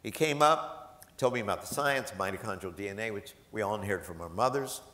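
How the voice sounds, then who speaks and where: A man's voice: lowish voice, a little fast. Man telling stories in an echoey hall. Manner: animated, self-deprecating, laughs often. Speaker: professor. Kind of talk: storytelling anecdotes to a live audience. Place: large event hall.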